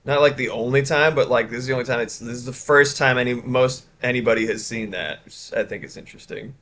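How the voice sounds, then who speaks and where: A man's voice: mid-range voice, fast talker, a bit bright. A man streaming live, chatting casually and rambling with chat while showing his art. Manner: rambling, chatty, self-interrupting.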